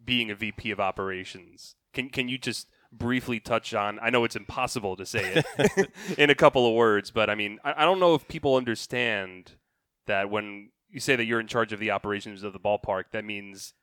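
A man's voice: on the low side, brisk, a bit bright, no room sound, clean studio sound. A man hosting a podcast, friendly and leading with questions. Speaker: podcast host. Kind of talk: casual interview.

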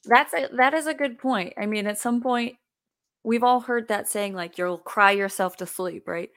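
A woman's voice: on the high side, normal speed, a bit bright. Chatty woman podcast host. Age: adult with children. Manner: conversational, relatable, lots of fillers like "like". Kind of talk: casual podcast chat.

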